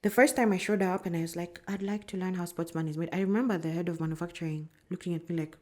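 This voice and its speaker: A woman with a Kenyan accent, a brand strategist telling animated stories in an interview, laughing often and slipping into Swahili. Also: lowish voice, fast. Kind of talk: casual storytelling interview.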